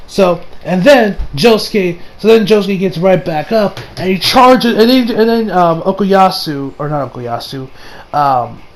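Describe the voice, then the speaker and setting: A man reviewing an anime episode in a casual, excitable recap, rambling with restarts and swearing. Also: high voice, measured pace.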